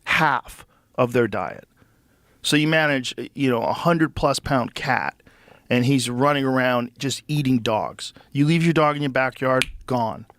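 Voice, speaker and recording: A man's voice: mid-range voice, moderate pace, a bit bright, dry recording. A man hosting a podcast, telling blunt stories in casual chat with plenty of swearing. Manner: blunt storytelling, frequent swearing. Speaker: podcast host. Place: podcast studio.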